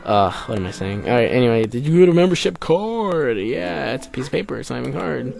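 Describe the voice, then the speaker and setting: A man hosting a let's play, cursing and exasperated as he comments on his game, jumping between loud outbursts and low mutters. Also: big pitch swings, fast, creaky, soft background music. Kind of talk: gameplay commentary.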